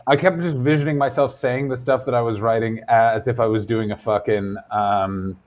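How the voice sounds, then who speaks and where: A man rambles through loose, swear-heavy comedian chat on a stream. His voice sits at an ordinary middle pitch. The audio is dull and lo-fi, like a muffled stream capture. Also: steady tone, moderate pace, darkish tone. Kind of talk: casual chat.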